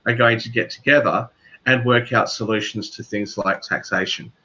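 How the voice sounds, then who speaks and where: A man with an Australian accent, a guest speaking in a measured, thoughtful way in casual chat. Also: fairly low pitch, steady tone, sharp tone. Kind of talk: casual video call chat. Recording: dull lo-fi audio.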